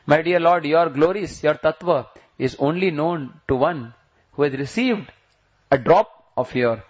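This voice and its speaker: A man preaching a sermon, retelling a devotional story and slowing down with a lifted voice when he quotes prayers. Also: a little high, expressive, husky. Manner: slows and rises when voicing prayers. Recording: dull lo-fi recording.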